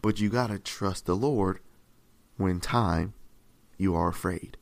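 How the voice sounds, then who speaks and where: A man preaching a sermon in a conversational, repetitive way, often checking in with "right?" and rising in pitch and volume to stress a point. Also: takes it slowly, gravelly. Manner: rises in pitch and volume for emphasis.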